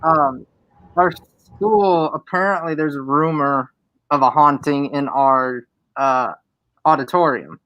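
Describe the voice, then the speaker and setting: A man's voice: a little high, no echo, muffled recording. Young man telling a story, dry sound. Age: young adult. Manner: unhurried storyteller with many fillers. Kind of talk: casual live-stream chat.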